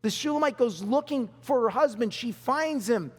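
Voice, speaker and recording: This pastor's very high, slightly rough voice moves with lively intonation at a normal speed as he delivers a sermon. Emphatic and prone to repeating his key lines, he shares laughs with the congregation, and the church hall adds a long reverb.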